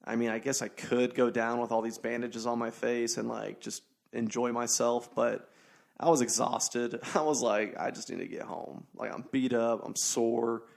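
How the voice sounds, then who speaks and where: A man's voice: mid-range voice, level tone, measured pace, creaky. A young man hosting a casual solo podcast, telling stories and talking sports in a rambling, profane way full of fillers. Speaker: podcast host.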